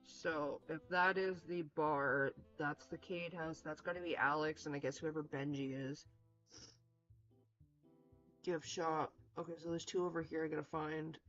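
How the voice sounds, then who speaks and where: A woman's voice: sits low, steady tone, unhurried, fairly bright tone, lo-fi sound, faint music behind. A woman streaming a detective game in casual commentary, chatty and self-mocking as she thinks aloud. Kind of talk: casual let's-play commentary.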